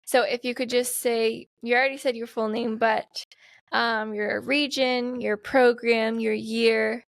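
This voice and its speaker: Bubbly high-voiced young woman host. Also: level tone, unhurried, no room sound, studio quality. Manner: bubbly and welcoming, laughing often. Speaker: podcast host. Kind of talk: casual podcast chat.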